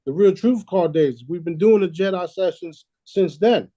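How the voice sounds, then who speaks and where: A man's voice: high voice, normal speed, warm tone, dry recording. A man hosting a casual talk, boastful and preachy, swearing freely and laughing at his own lines. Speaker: host.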